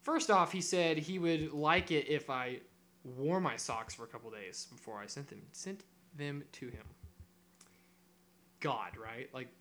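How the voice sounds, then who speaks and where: A young man on a podcast, telling a story in casual chat, animated and swearing often while he acts out what others said. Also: fairly high pitch, measured pace. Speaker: podcast co-host.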